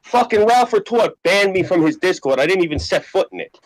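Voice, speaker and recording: A man talking fast and brashly as a stream guest, trash-talking in heated casual chat. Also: sits high, lively intonation, dry recording, low-quality recording.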